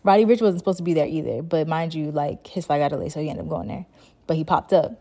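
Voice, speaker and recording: A woman's voice: deep voice, fast talker, mellow. A young woman hosting a podcast, retelling a show in a chatty, slangy way full of fillers. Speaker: podcast host. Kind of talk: casual storytelling monologue.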